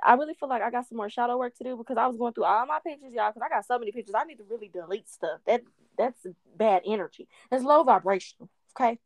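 A woman's voice: a little high, fast talker, dry recording. A woman, talking in a casual spiritual chat, emphatic and encouraging. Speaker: guest.

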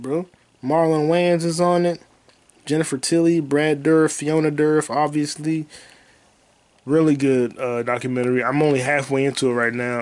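A man hosting a podcast alone, telling crude, rambling stories and bursting into loud high yelps and sound effects. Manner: profane, rambling storytelling. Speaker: podcast host. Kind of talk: casual solo podcast monologue.

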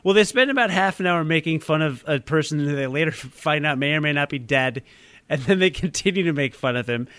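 A man's voice: fairly high pitch, animated, fairly quick, a bit bright, dry recording. Chatty young man hosting a podcast. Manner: chatty, self-deprecating, laughs often. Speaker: podcast host. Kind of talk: casual podcast chat.

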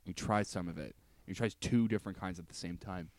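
A man's voice: deep voice, fast talker, no room sound. A man co-hosting a podcast in casual chat, telling stories with lots of swearing and laughter. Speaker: podcast co-host.

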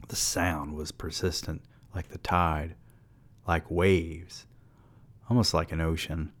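A man's voice: sits low, flat delivery, takes it slowly. A man reading a story aloud and breaking off into irreverent, rambling asides. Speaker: story reader.

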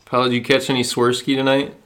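Brief: everyday man, mid pitch, curious and chatty. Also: little pitch movement, fast, fairly bright tone. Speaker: podcast co-host. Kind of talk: casual sports chat.

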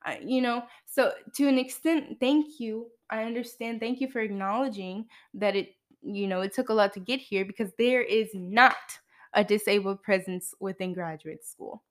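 A woman's voice: mid-range voice, normal speed. A woman in her twenties talking frankly on her podcast in a casual monologue, with wry asides. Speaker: podcast host.

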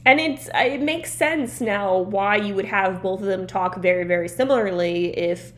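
A woman's voice: mid-range voice, normal speed. A young woman co-hosting a podcast, chatting casually, rambling with lots of "like" and laughing often. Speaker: podcast co-host. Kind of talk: casual chat.

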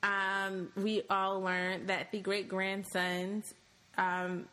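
A woman's voice: mid-range voice, completely flat delivery, extremely slow, sharp tone, smooth, rough recording. A woman co-hosting a casual podcast, talking conversationally and thinking aloud with frequent ums. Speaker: podcast co-host.

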